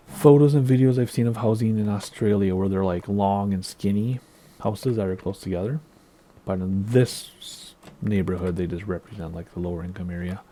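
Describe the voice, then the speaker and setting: American male gamer, low and warm, laid-back rambling commentary. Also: a little hiss or hum. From United States. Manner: relaxed, rambling, many ums and asides. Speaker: Minecraft video creator. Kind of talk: casual gameplay tour commentary.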